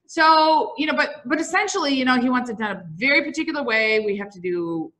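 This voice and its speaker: Bright, high-voiced bouncy woman teacher. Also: a little fast. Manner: lively, bouncy, quizzes the audience. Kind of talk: classroom lecture with storytelling. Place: classroom before students.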